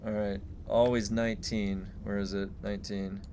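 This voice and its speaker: A man streaming a game live, thinking aloud and reacting excitedly, swearing when things break. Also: fairly low pitch, normal speed, background noise. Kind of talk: live gameplay streaming commentary.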